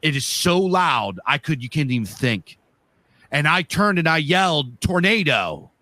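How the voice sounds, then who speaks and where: A man from the northeastern US cohosts a podcast and tells a story casually. His voice is bright and forward, and the sound is close and dry. He rambles vividly, with plenty of fillers and swearing. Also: on the high side, expressive, unhurried, no room sound. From northeastern US, Pennsylvania. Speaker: podcast co-host.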